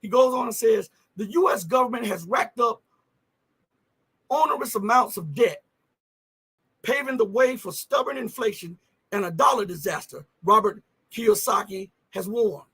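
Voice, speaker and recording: A man's voice: high voice, normal speed, a bit bright, slightly rough. A man hosting a live news commentary stream, talking emphatically and firing off rhetorical questions. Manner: emphatic, rhetorical questions, frequent "okay?" and "right?".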